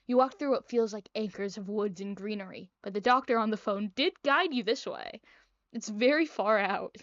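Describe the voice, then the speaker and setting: A woman's voice: mid-range voice, normal speed, fairly bright tone, no echo, highs cut off. A young woman reading a visual novel aloud, with playful, chatty, self-mocking asides. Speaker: gaming video creator.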